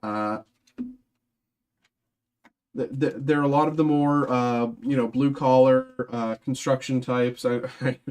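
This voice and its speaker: A young man from outside Boston chats through a live card-pack opening. His talk rambles, full of "uh" and restarts, at an everyday middle pitch. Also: steady tone, measured pace, long pauses, darkish tone, smooth. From Massachusetts, outside Boston. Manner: rambling, many fillers and restarts. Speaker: card break host. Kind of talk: casual live-stream chat while opening packs.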